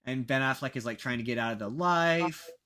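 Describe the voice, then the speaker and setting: Bright, self-mocking young podcast host. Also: male voice, medium pitch, fairly quick. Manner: rambling, self-mocking, many fillers and restarts. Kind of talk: casual podcast chat.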